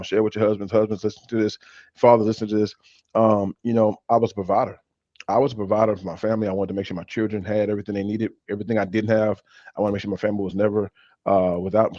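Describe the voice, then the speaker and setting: A man's voice: on the low side, darkish tone, no room sound. A man co-hosting a church talk show, telling personal stories earnestly and often restarting his sentences. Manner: earnest storytelling with many restarts. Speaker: church leader and co-host. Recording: dull, dry lo-fi sound.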